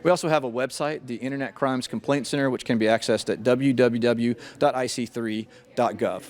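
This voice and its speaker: A middle-aged man, an FBI agent, answering interview questions about scams in a measured, thoughtful way with frequent restarts. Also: mid-range voice, fairly even intonation, darkish tone.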